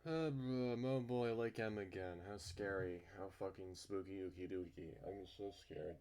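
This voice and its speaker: A man's voice: on the low side, normal speed, a little mellow, smooth. A young man playing through a visual novel, reading its lines aloud and ranting profanely about the story. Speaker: game streamer voicing a visual novel. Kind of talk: let's play reading and commentary.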